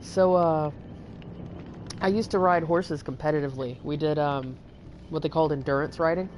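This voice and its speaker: A woman's voice: deep voice, steady tone, moderate pace, a little mellow, a little hiss or hum. A young woman from Texas hosting a livestream, telling long rambling stories with lots of fillers and swearing. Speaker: livestream host. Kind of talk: casual storytelling chat.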